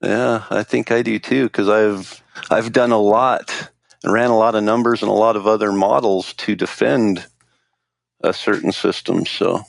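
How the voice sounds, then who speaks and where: A man co-hosting a hunting podcast who speaks in a matter-of-fact, conversational way. His low voice has a gravelly edge, and the recording is dry and close-miked. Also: fairly even intonation, a little slow, no room sound. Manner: matter-of-fact, gravelly, laughs between thoughts. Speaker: podcast co-host. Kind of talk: casual chat.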